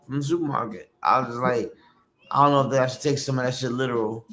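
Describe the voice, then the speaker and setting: A man's voice: medium pitch, fairly even intonation, quick pace, bright, forceful tone. A man talking as a guest in a casual podcast chat, laid-back with short replies. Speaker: guest rapper.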